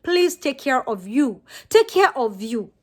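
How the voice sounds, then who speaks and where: High-voiced woman giving an impassioned vlog talk. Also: sing-song, a little slow. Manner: impassioned, preachy, repeats herself. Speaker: vlogger. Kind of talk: earnest vlog monologue.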